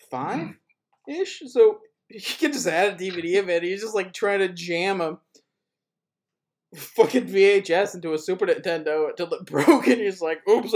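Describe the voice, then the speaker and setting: Male podcast host, casual and profane, laughs through his own anecdotes. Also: sits high. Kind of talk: casual chat, storytelling.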